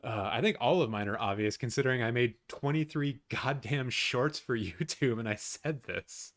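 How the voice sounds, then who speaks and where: A man hosting a live watch-along stream, chatting casually with his viewers, swearing often and reacting loudly. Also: medium pitch, normal speed. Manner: excitable, swears a lot, talks to chat.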